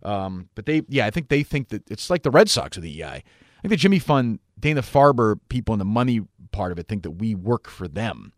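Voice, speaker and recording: A man's voice: on the low side, sing-song, brisk, dry recording, studio quality. A man hosting a radio talk show, answering listener questions in a rambling, blunt and sometimes profane way. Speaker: radio host.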